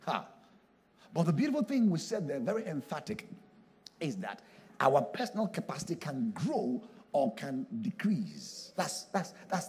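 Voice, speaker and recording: A man, a pastor, preaching a sermon with emphatic delivery that swings from hushed words to loud calls. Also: on the high side, gravelly, slightly rough.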